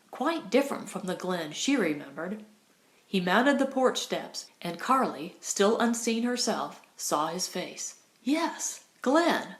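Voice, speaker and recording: A woman narrating an audiobook in a measured, expressive storytelling manner. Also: medium pitch. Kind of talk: scripted narration. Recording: roomy echo.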